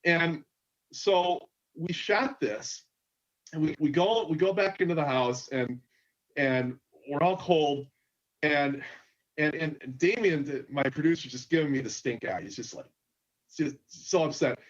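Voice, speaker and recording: A man's voice: a little high, measured pace. Male filmmaker telling a set story. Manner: animated anecdote, quotes others. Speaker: panel host, filmmaker. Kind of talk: convention panel storytelling. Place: convention stage. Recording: dull lo-fi panel recording.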